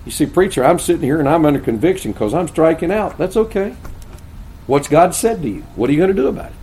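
A man's voice: on the high side, expressive, quick pace, dark tone, slight background noise. An older man preaching a sermon to pastors, with earnest, folksy storytelling.

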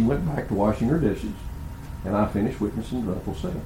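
Older male pastor, folksy humorous sermon storyteller, mid-pitched, echoey church hall. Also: expressive, brisk, background noise. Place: church sanctuary.

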